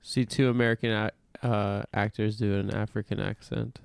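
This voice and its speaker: A man's voice: fairly low pitch, level tone, normal speed, vocal fry, clean tone, no echo. A man co-hosting a podcast, reading news headlines aloud and chatting dryly. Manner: dry, reads headlines aloud. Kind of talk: casual chat.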